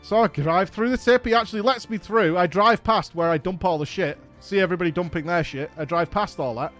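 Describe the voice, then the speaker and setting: A man's voice: high-pitched, a little fast, fairly bright tone, soft background music. An English man telling a casual story as a streamer host, exasperated and swearing as he acts out each exchange. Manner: exasperated, profane anecdote with acted-out dialogue.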